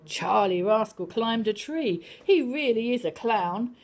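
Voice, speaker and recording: An older woman reading a picture book to young children, sing-song and animated, now and then dropping to a whisper. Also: fairly high pitch, a little slow.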